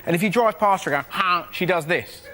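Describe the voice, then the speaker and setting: A young man doing a cheeky, animated stand-up routine as a panelist, with sudden yelps in his telling. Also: high voice, quick pace, a crowd in the background. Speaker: comedian panelist. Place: TV studio with live audience. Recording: loud studio audience laughter and noise.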